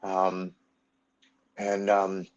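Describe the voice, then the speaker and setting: A man's voice: low voice, monotone, extremely slow. A middle-aged man telling his own story frankly and bluntly, as a guest in an interview. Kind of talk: personal storytelling in a podcast interview. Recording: dull lo-fi recording.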